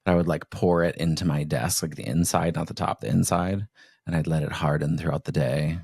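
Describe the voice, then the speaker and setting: A man hosting a podcast, telling stories in a rambling, animated way over casual chat. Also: rumbling low, fairly quick, creaky, slightly rough, dry recording, clean studio sound. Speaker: podcast host.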